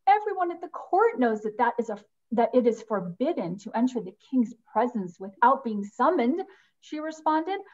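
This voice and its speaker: A woman's voice: fairly high pitch, very animated, darkish tone, lo-fi sound. Woman narrating a scripture story. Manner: measured narration with voiced quotes. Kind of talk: reading a story aloud.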